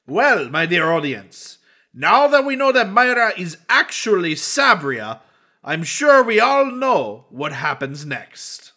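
A showy bard with a very high, bright voice that swoops up and down, played by a man. He talks slowly and theatrically, delighted with himself. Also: big pitch swings, full character voice. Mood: amused. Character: flamboyant male bard narrating to an audience.

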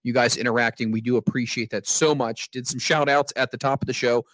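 A man's voice: mid-range voice, steady tone, fairly quick, a bit bright, dry recording. A man hosting a live show, chatting loosely and joking while thanking his audience. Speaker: show host. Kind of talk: casual live-stream chat.

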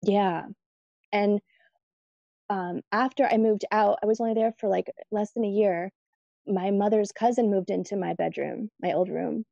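A woman guest telling stories in a casual interview, chatty and lively when she quotes her family. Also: mid-range voice, moderate pace, creaky, dry recording, lo-fi sound. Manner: chatty, animated when quoting family, laughs easily.

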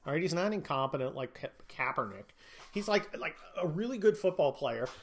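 A man's voice: fairly high pitch, lively intonation, fairly quick. A man hosting a podcast, ranting about politics in a profane, sneering, mocking way. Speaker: podcast host.

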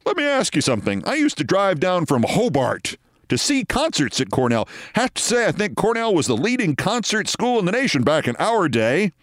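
Picture a hearty, folksy gentleman of the old school, courtly and cheerful, pitched noticeably high, as a storyteller puts him on. The sound is dry and close. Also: wildly swooping pitch, moderate pace, no room sound, heavily acted. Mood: genial. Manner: hearty, old-fashioned greeting tone. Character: genial old-fashioned courtly man, folksy.

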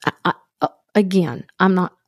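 This podcast co-host has a low, gravelly voice and tells a story at a moderate pace in casual chat. She's an animated storyteller who acts out the quoted dialogue, and the studio-quality recording has no room sound.

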